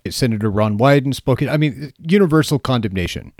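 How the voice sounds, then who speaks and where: A man co-hosting a political podcast, blunt, with halting restarts. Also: mid-range voice, lively intonation, darkish tone, dry recording, studio quality. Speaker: podcast co-host.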